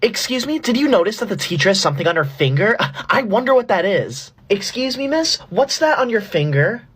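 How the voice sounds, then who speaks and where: A woman's voice: mid-range voice, sing-song, fairly quick, a bit bright, husky, full character voice. A woman playing a self-righteous, tattling know-it-all schoolgirl in a comedy skit. She talks in a whiny, overdramatic way. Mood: dramatic.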